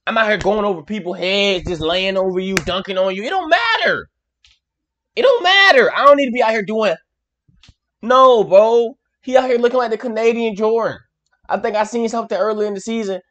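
A young man hosting a reaction video, talking in an excitable, slangy way and laughing often. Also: high voice, brisk, highs cut off. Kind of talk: casual reaction commentary.

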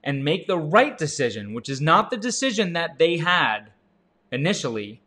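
A man in his thirties giving an energetic sales coaching talk, jumping up in pitch for emphasis and asking the listener questions. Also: moderate pace. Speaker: real estate agent and sales coach. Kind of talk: motivational sales talk to camera.

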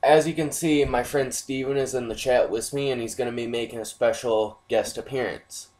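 A man's voice: medium pitch, steady tone, moderate pace, darkish tone. A man hosting a game playthrough video, chatting loosely with plenty of swearing and apologies. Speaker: gaming channel host. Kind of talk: casual gameplay commentary.

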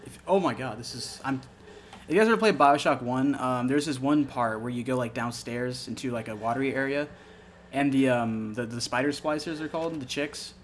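A man's voice: medium pitch, brisk, a little hiss or hum. A young man giving casual commentary on a horror game as he plays, swearing a lot and easily startled into yelps. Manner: swearing, jumpy and excitable, yelps when startled. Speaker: let's play gamer.

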